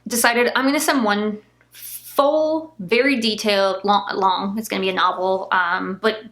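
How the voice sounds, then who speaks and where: A woman's voice: medium pitch, steady tone, a little slow, fairly bright tone. A young woman vlogger candidly recounting a painful family argument, emotional and close to tears at times. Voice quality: gravelly fry. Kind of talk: candid personal vlog storytelling.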